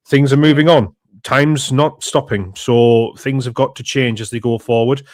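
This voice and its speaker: A man speaking as a podcast guest in casual chat, relaxed and measured. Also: medium pitch, dry recording, clean studio sound.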